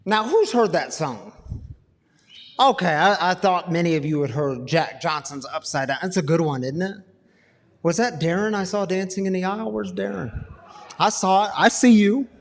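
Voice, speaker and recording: A man's voice: high voice, normal speed, vocal fry. A man hosting a live event, chatting casually and upbeat with the crowd and his guest. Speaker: host. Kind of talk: live church-style interview. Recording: long hall reverb.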